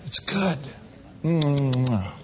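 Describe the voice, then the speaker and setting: A man from Minneapolis preaching a sermon, playful and animated, sometimes rising to shouts. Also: mid-range voice, very slow, crowd noise. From Minneapolis, USA.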